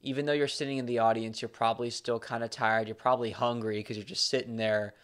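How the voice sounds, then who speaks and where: Chatty interviewer, long rambly questions, lots of uh-huhs, middle pitch. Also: little pitch movement, fast talker, clean tone. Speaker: interviewer, host. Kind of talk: casual interview.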